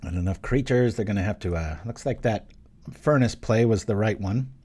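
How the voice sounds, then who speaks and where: Casual young male gameplay host, low and mellow, chatty and thinking aloud. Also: slightly rough. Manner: casual, thinking aloud, quick jokes and small exclamations. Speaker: channel host playing an online card game. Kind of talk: live gameplay commentary.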